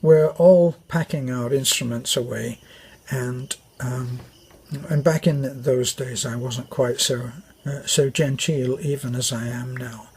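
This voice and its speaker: Rambling older British man, slow and husky. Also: medium pitch, fairly even intonation, darkish tone. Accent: British English. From Britain. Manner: meandering, many fillers and restarts. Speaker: vlogger. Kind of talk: rambling anecdote.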